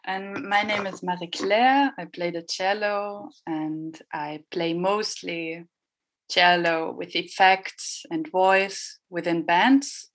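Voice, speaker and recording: A woman cellist introducing herself in an interview, unhurried and pausing to find her words. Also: fairly low pitch. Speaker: cellist guest. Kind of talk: casual interview answers.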